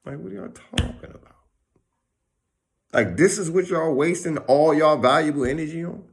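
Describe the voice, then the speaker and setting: A man's voice: a little high, moderate pace, creaky. A man vlogger in a casual, slangy monologue, acting out bits of conversation as he goes. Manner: animated, slangy, acts out conversations.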